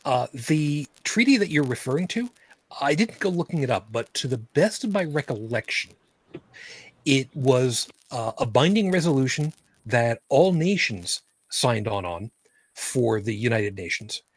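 A man with a husky, slightly breathy voice hosts a casual live-streamed talk about space. He rambles and restarts his sentences, and his voice sits close and dry on the microphone with no room sound. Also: medium pitch, big pitch swings, dry recording. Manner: rambling, halting, with many fillers and restarts. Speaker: podcast host.

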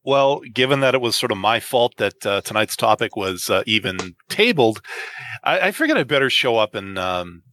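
A man's voice: fairly low pitch, very animated, moderate pace, fairly bright tone. A man from Canada, a guest on a live podcast, teasing in a wry, dry way. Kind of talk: casual podcast chat.

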